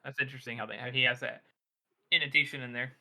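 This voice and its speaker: A man co-hosting a book podcast, adding quick opinionated asides in casual chat. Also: mid-range voice, fairly even intonation, gravelly, pushed and bright. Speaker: podcast co-host.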